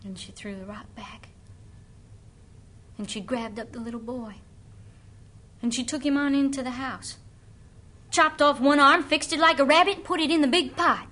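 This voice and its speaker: A woman's voice: sits high, moderate pace, long pauses, pushed and bright. A woman telling a folk tale dramatically, dropping to whispers for suspense. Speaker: storyteller.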